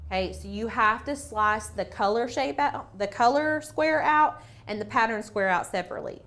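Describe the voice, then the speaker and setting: A woman with a medium-pitched, slightly bright voice speaks at a moderate pace while hosting a casual craft tutorial shared on screen. She's playful and talkative, thinking aloud through every step.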